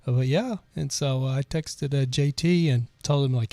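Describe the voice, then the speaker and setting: A man in his forties hosts a podcast and tells stories in a loose, digressive way, often restarting his sentences. His voice is mellow and relaxed. The sound is dry, with no room echo. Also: medium pitch, moderate pace. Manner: rambling and digressive, with frequent restarts. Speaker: podcast host. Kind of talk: casual storytelling, reading chat comments.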